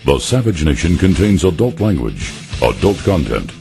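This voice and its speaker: A male announcer with a very low, gravelly voice that swoops dramatically, speaking slowly. Plucked guitar music plays clearly behind him. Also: big pitch swings, mellow. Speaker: show announcer. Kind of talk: dramatic radio show intro.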